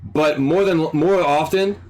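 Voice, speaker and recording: A man streaming, ranting in an exasperated, animated way and swearing freely. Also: a little high, a little slow. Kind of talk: ranting commentary.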